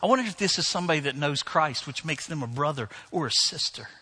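A man's voice: a little high, animated, fast, bright, forceful tone, breathy edge. A middle-aged man, preaching a sermon as pastor, telling self-deprecating stories and laughing often.

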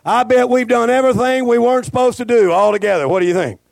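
A male pastor, preaching a folksy, joking sermon that swells into shouting. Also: extremely high pitch, quick pace, vocal fry, no room sound.

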